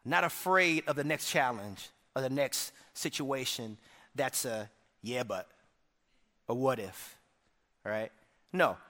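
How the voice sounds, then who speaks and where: A male pastor delivering a dynamic sermon, swinging between shouted peaks and hushed lines and often checking in with the congregation. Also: medium pitch, slow pace, pauses often, in a large hall. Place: church sanctuary.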